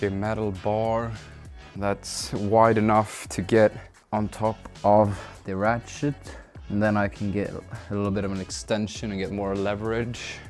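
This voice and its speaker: A man's voice: on the low side, a little mellow. A man talking to himself as he works on his car, muttering, swearing and grunting with effort in casual self-talk. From Sweden. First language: Swedish. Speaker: car-project vlogger.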